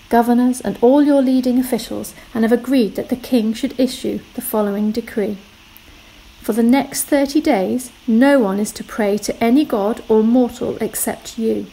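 Woman voicing flattering scheming courtiers, insistent, fairly high. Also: lightly acted, low-quality recording. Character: scheming male royal officials, flattering.

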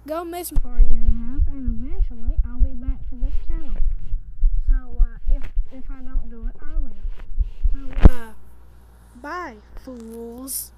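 Goofy rambling woman over loud hum. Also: high-pitched, measured pace. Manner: goofy, self-mocking, rambling. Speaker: vlogger. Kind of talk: casual rambling vlog. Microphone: phone camera held close. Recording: loud humming background noise.

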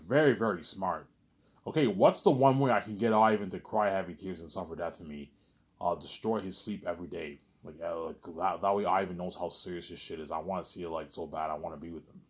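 A man with a fairly low voice rants in a long, rambling monologue. He repeats himself constantly and swears freely, his agitation rising and falling as he talks. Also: fast talker. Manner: repetitive, profane, agitated ranting. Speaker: vlogger.

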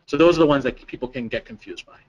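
A man's voice: medium pitch, fast talker, slightly rough, lo-fi sound. A man giving an interactive training lecture to a live audience, putting questions to the room and repeating people's answers. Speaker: presenter at a staff training.

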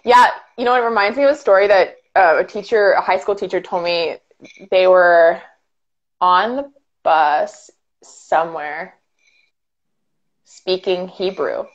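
A woman's voice: on the low side, measured pace, pauses often, lo-fi sound. A woman in her late twenties, a guest trading playful jokes in casual chat over a video call. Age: late 20s. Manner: playful, jokey.

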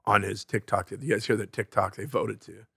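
A man co-hosting a casual podcast chat, blunt and animated, swearing freely as he tells stories. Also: on the low side, fairly quick, vocal fry, husky, no echo, clean studio sound. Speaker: podcast co-host. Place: podcast studio.

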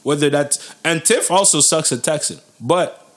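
A man's voice: fairly high pitch, moderate pace. A young man hosting a podcast in casual chat, laid-back and slangy, often restarting his sentences. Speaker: podcast host.

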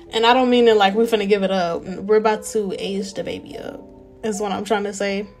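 A young woman giving casual, animated let's-play commentary and talking straight to her viewers. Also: medium pitch, normal speed, soft background music. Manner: chatty, animated, talks to viewers as y'all. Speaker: gameplay narrator.

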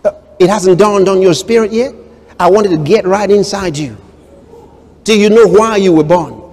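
Male pastor, preaching, high voice, dramatic loud and soft swings, reverberant hall. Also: moderate pace. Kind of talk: sermon.

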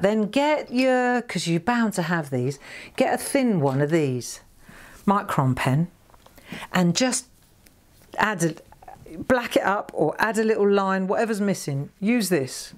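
Chatty woman with a lively voice. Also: medium pitch. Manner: chatty, jokey, talks straight to viewers. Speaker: craft shop host demonstrating stamping. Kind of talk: live craft demonstration.

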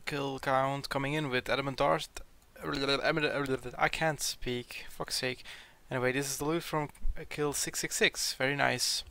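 A young man who is sick gives casual game commentary with a gravelly, bright, crisp voice. He reads out loot drops and curses when something surprises him. He is recorded close and dry on a home mic. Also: a little high, no echo. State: sick, sounding a bit off. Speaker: gaming video creator.

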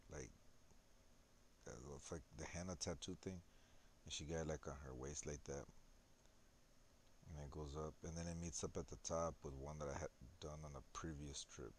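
A man's voice: very deep voice, darkish tone, a little hiss or hum. A young man who works as a tattoo artist, talking in a rambling, laid-back way with slang. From El Paso, Texas. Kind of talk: casual narration over photos.

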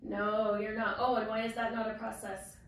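A woman kindergarten teacher leads a vocabulary lesson with a bright, high voice. She asks slow, patient questions and has the children repeat after her. She is recorded from a distance in a very echoey classroom with faint background noise. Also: flat delivery. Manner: slow, patient questioning with call-and-response prompts.

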